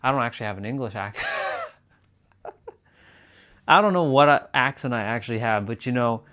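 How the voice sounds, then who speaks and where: Guy streaming and just rambling to chat, mid-pitched voice, keeps restarting his sentences. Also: expressive, moderate pace, sharp tone. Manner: rambling, repeats phrases and restarts. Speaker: livestreamer. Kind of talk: casual live-stream chat.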